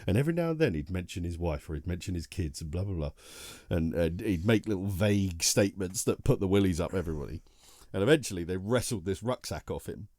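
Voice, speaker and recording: Low, mellow man telling a story. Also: lively intonation, fast talker, no echo, clean studio sound. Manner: rambling anecdotal storytelling with frequent restarts. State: tired. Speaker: podcast co-host. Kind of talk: casual chat.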